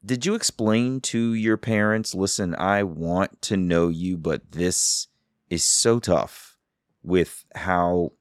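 A man's voice: sits low, slow pace, dry recording, studio quality. A man hosting a podcast, who reflects on and sums up his guest's story before asking questions. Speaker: podcast host. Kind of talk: interviewer summarizing and asking.

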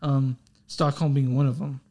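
A man's voice: medium pitch, flat delivery, normal speed, a little mellow. A young man co-hosting a casual music podcast, rambling, swearing and apologizing for himself. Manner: rambling, swearing, self-deprecating. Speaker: podcast co-host. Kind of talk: casual chat.

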